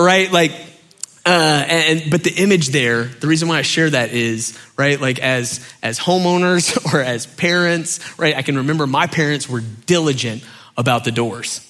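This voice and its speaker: Middle-aged man, pastor, bright, slightly high voice, chatty sermon delivery. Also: normal speed. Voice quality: animated storyteller, acts out shouting parents. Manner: conversational with many fillers, drops soft for key points.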